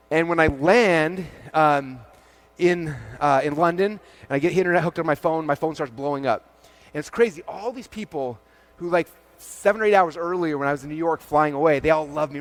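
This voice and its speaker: A man in his forties giving an energetic keynote talk on a conference stage, acting out dialogue in quick quotes and peppering his speech with "like.". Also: fairly high pitch. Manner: animated, acts out dialogue in quick quotes, frequent "like". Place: large event stage before a live audience.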